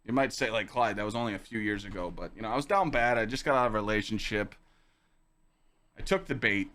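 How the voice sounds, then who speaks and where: Animated young man telling a story. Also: lowish voice, fast. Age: young adult. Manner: animated, swearing, acts out quoted lines in a raised voice. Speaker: streamer and podcast host. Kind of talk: casual storytelling to chat. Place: home streaming room with dog on lap.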